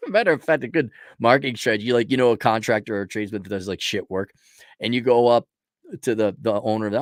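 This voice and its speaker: A man's voice: medium pitch, animated, fast, dry recording, studio quality. A man hosting a show, giving blunt, crude, sarcastic advice in a casual rant to a viewer. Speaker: host answering a viewer question.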